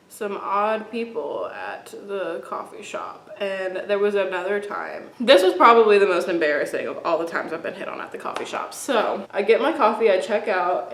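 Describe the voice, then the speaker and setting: A young woman and beauty vlogger, chatting casually and rambling through stories while doing her makeup, often laughing. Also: mid-range voice. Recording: roomy echo.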